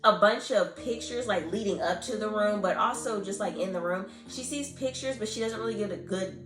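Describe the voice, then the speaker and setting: Animated woman retelling a novel. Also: medium pitch, fairly quick, echoey room, music in the background. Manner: animated storytelling, acting out characters' lines. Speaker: book podcast co-host. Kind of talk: casual chat retelling a novel.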